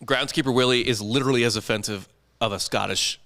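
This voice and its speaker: A man's voice: mid-range voice, fast, fairly bright tone. Rambling, profane male comedy storyteller. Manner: rambling, profane storytelling with bursts of put-on voices. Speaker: podcast co-host telling the story. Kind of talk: casual comedic history chat.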